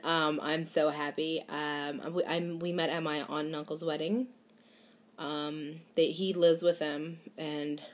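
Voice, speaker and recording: Young girl rambling to her camera, giggly, lots of um and like, kinda lowish voice. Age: young adult. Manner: rambling, giggly, many fillers and restarts. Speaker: vlogger. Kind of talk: casual chat to camera.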